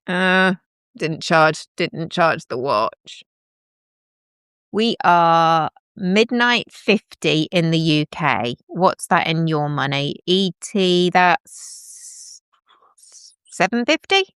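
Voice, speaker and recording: A woman with a lowish voice chats her way through a live stream from home, rambling, teasing and joking at herself. Her pitch swings widely as she talks. The sound is close and dry, with no room echo. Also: lively intonation, slow pace, fairly bright tone, clear, resonant tone. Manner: rambling, joking, self-mocking, chatty. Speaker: livestream host. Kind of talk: casual live-stream chat with viewers. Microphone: plugged-in microphone with headphones.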